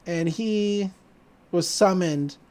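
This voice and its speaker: A woman with a fairly low voice hosts a podcast, speaking very slowly as she casually recaps a cartoon episode. She's animated, laughing often and acting out the lines she quotes.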